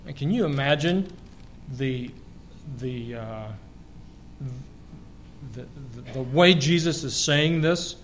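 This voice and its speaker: A man preaching a sermon, lively and joking, quizzing the congregation as he goes. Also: a little high, takes it slowly, pauses often, a little hiss or hum.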